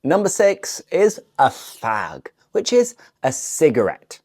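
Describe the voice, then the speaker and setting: A British woman teaching English slang at an easy, unhurried pace. Her voice sits low and mellow. She explains each word playfully, with a lively rise and fall as she models the phrases. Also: breathy edge. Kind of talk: scripted language lesson to camera.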